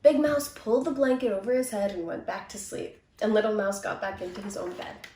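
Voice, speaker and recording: A woman reads a children's storybook aloud, gentle and expressive, in a mid-range voice. The recording is roomy and she sits back from the mic. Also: mid-range voice, a little fast, distant mic, a little hiss or hum. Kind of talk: storybook reading. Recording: echoey, from off the mic.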